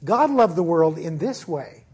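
Man preaching in church, relaxed chatty sermon, kinda husky and pitched up. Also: measured pace. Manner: earnest, informal, with frequent restarts. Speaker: pastor. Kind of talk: conversational sermon. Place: church service.

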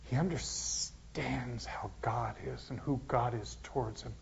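A male pastor preaching a sermon, swinging from loud emphasis down to near-whispers. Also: medium pitch, measured pace, creaky, a little hiss or hum. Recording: dull, lo-fi sound.

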